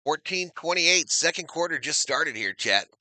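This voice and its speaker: Bright, energetic male play-by-play streamer. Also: on the high side, normal speed, no echo. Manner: energetic, reads viewer chat aloud. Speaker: live stream sports commentator. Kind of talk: live play-by-play commentary.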